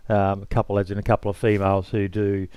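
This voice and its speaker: A man hosting a casual podcast interview, relaxed, reading viewer questions from the chat. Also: fairly low pitch, fast, clear, resonant tone, dry recording. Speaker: podcast host.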